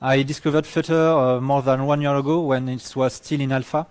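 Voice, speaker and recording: A man with a mid-range voice introduces himself to a conference audience. He speaks haltingly, filling gaps with frequent hesitations. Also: mid-range voice, little pitch movement, a little mellow, smooth. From France. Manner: hesitant, many fillers.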